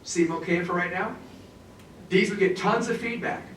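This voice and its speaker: A man giving an animated, humorous professional development talk to an audience of teachers in a conference room. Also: high voice, normal speed, recorded from a distance. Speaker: presenter. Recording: roomy echo, speaker away from the mic, faint noise.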